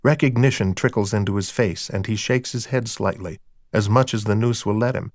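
A man narrating dark fiction in a slow, hushed, measured and cold manner. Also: fairly low pitch, dry recording, clean studio sound.

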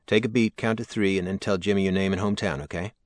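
A man voicing a brisk male TV producer instructing a caller. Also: sits low, fairly even intonation, no echo, studio quality, natural voice.

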